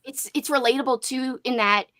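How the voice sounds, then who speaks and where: Her voice is high, bright and pushed, moving at normal speed. She's a young booktube host running a relaxed livestream book chat, rambling with plenty of "like" fillers and reading viewers' messages out loud.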